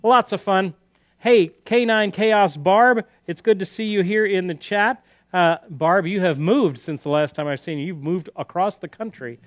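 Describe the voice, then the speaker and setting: A man's voice: sits high, moderate pace, fairly bright tone. A man hosting a casual live-stream guitar lesson, talking loosely and counting beats aloud while he plays. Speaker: guitar teacher and livestream host. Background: guitar playing.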